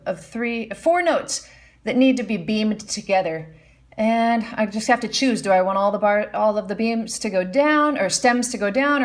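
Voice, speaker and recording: A woman teaching a casual music lesson at the piano, explaining notation and singing melody lines on "da". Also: mid-range voice. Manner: hums and scats melody lines while explaining.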